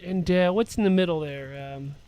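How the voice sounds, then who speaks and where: A man's voice: high voice, moderate pace, dark tone, smooth. A man playing a tabletop game, asking the game master for details. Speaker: player.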